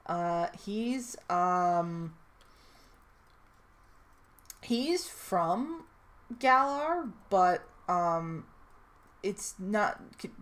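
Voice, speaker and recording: A woman's voice: on the low side, animated, drawn-out words, pauses often, fairly bright tone. A woman in casual chat, presenting a character she made. She rambles, swears freely and laughs often. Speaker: character creator presenting her character.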